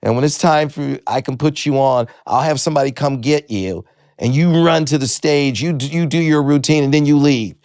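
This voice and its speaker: A man's voice: on the high side, moderate pace, a little mellow, dry recording, clean studio sound, pitched above the performer's own voice, close to an everyday voice. A man putting on a bossy woman club owner. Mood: stern. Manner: firm, commanding instructions.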